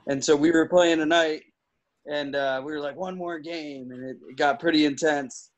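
A man co-hosting a casual podcast, telling a story in a relaxed way. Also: fairly high pitch, normal speed. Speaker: podcast co-host. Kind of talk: casual chat. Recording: dull lo-fi sound.

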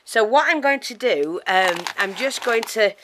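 A woman's voice: fairly high pitch, measured pace, slight background noise. A woman chatting casually to camera as she unboxes a parcel, gushing and a little out of breath. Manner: excitable and chatty, many fillers, gushing thanks. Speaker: craft vlogger.

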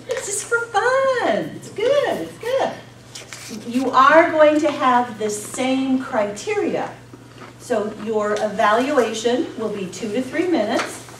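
A woman leading an evening practice session, brisk and reassuring as she explains the rules to the group. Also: a little high. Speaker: evening's meeting leader. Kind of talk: running a practice seminar. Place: meeting room at a college. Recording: echoey room, distant mic, noisy.

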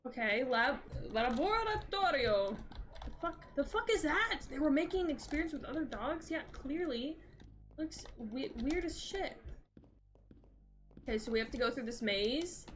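A young woman streaming a horror game, reacting with panicked, profane exclamations. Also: high-pitched. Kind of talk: live horror game commentary.

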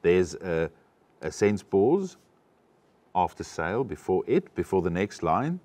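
Deep-voiced acting coach. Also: male voice, big pitch swings, slow, a little mellow. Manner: instructive, explains step by step. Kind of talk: teaching an acting lesson.

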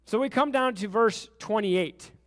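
Pastor guy preaching, real high voice, lots of church echo. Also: a little slow. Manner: preaching with rising intensity, questions to the congregation. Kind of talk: sermon. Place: church sanctuary.

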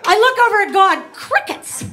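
A woman performing a stand-up comedy set on stage, chatty and quick to slip into voices for characters. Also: extremely high pitch, animated, background noise. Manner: chatty, rapid shifts into voiced asides. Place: comedy club stage before a laughing audience.

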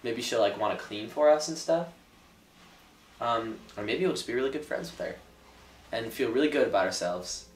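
A man's voice: mid-range voice, lively intonation, normal speed, pauses often. A young man talking casually to the camera in his apartment, rambling and hesitant, mocking himself with lots of fillers. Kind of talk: casual confessional talk to camera. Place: apartment room. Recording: roomy echo, faint background noise.

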